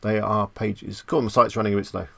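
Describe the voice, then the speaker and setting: Male live stream host, gravelly voice, dry close sound, relaxed and chatty, answers viewers as he goes. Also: on the low side, fast, dry recording. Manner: chatty, reads viewer comments aloud and answers them; jokey, self-amused asides. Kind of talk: casual live stream chat.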